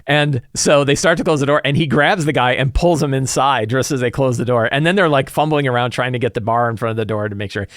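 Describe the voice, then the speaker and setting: A middle-aged man talks loosely and animatedly about his tabletop campaign, filling his story with lots of "like"s. His voice sits at an ordinary pitch. The recording is close and dry. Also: fast talker, few pauses, dry recording. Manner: animated storyteller, loose and chatty, many fillers like "like". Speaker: game master and tabletop RPG content creator. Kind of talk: casual recap and campaign-prep chat.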